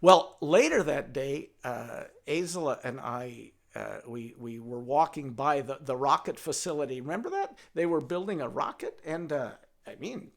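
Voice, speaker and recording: An older man telling a folktale in a lively, playful way, now and then talking to his donkey puppet. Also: mid-range voice, moderate pace, creaky. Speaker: storyteller.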